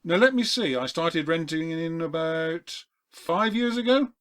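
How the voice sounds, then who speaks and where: A man voicing an eccentric, excitable collector in a comedy audio play, with a polite, formal manner. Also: on the high side, unhurried. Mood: prim.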